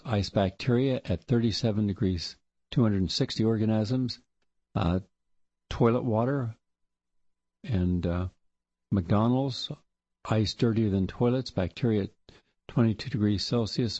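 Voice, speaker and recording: A man hosting a radio talk show, chatting deliberately and laughing at his own points. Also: fairly low pitch, darkish tone, husky, no room sound, muffled recording. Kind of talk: talk radio monologue and joke telling.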